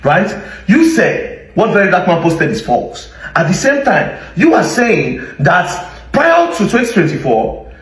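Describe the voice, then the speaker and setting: A combative Nigerian man rants in sarcastic commentary, his fairly high voice swinging widely up and down. He sounds set back from the mic in an echoey room. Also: huge pitch swings, measured pace, fairly bright tone, distant mic. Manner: sarcastic, combative, full of rhetorical questions. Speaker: social media commentator. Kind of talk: ranting commentary to camera.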